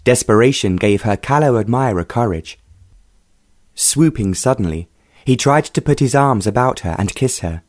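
A man's voice: medium pitch, animated, normal speed, darkish tone, dry recording, clean studio sound. Man narrating an audiobook.

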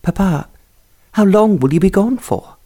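An eager, affectionate young noblewoman from a period storybook, as a male narrator puts her on. Her voice rises high and pleading. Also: animated, unhurried, warm tone. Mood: anxious. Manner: lifted pitch, pleading.

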